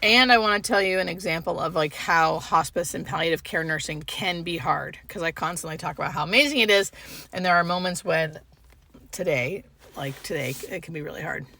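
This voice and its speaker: Tearful woman nurse, gravelly and bright. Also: lowish voice, no echo. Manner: halting, heavy use of filler "like". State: tearful, fighting back crying. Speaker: hospice home care nurse. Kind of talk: emotional vlog monologue. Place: inside a parked car.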